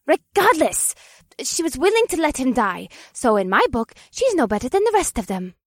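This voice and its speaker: A fiery young witch, acted by a woman, talks with heated, indignant loyalty. Her pitch leaps up sharply when her temper flares. The voice is recorded dry and close. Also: very animated, moderate pace, dry recording, exaggerated voice. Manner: heated, indignant, cursing under breath.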